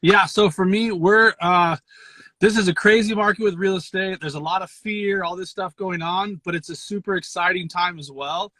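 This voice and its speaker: A man calling into a live stream from his car on his phone, chatting in a friendly, excited way. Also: sits high, no echo, poor audio. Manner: friendly, excited, fast-talking. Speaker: guest caller. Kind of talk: casual chat on a live-stream call.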